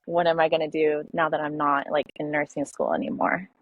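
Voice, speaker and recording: Woman, twenties, podcast guest, halting, filler-heavy, dry close sound. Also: low-pitched, fairly even intonation, no room sound. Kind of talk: personal storytelling in an interview. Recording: dull lo-fi dry audio.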